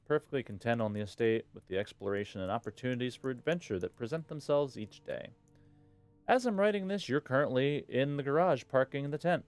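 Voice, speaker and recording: A man's voice: mid-range voice, clear, resonant tone, no echo, lightly acted. A man reading out a letter as a fond middle-aged father writing to his son, in a cheery voice.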